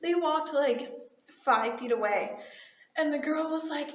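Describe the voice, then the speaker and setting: Bubbly young woman with a high voice telling a chatty storytime in a roomy space. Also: unhurried. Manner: gushing, chatty, full of "like" fillers. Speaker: retail cashier and vlogger. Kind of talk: casual storytime.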